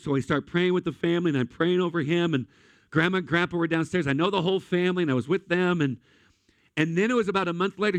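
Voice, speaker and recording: A pastor preaches a sermon, telling a personal story with rising emotion and speaking to his listeners directly, calling them guys and friends. His voice is fairly high, and the recording is dry.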